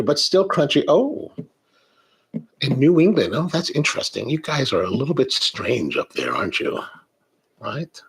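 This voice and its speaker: A middle-aged man hosting a coffee live stream, chatting in a rambling, animated way and reading viewer comments aloud. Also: on the high side, husky. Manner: rambling, animated, frequent restarts. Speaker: coffee show host.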